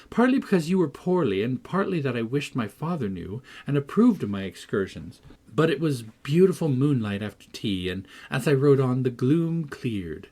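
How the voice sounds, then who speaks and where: A man reading an audiobook, voicing a spirited girl named Catherine as she tells her own story with lively first-person storytelling. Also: mid-range voice. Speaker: audiobook reader. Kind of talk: audiobook narration.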